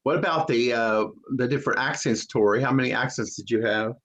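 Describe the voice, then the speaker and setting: A man hosting a casual cast talkback over a video call, halting and full of fillers. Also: mid-range voice, a bit bright. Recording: muffled lo-fi video call audio.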